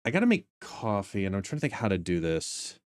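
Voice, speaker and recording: A man's voice: on the low side, wildly swooping pitch, fairly quick, darkish tone. A man streaming a game live, sleepy and yawning, chatting casually with viewers by name and talking to his dog.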